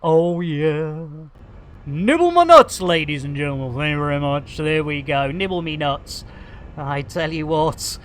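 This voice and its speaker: Speaking at a measured pace, this woman has a low-pitched voice with lively intonation. She's doing live game-stream commentary full of playful puns, laughing often and addressing viewers like a showman with "ladies and gentlemen."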